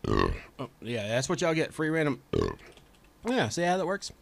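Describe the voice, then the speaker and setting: A man streaming a game, trash-talking and swinging from low mutters to sudden yells. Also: wildly swooping pitch, normal speed, vocal fry, slight background noise. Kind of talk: casual profane gaming commentary.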